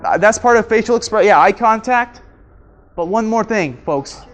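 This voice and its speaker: A male instructor leads an interactive seminar in a training room. He throws questions at the audience and acts out his examples with animated energy. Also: high-pitched, moderate pace. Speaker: workshop instructor.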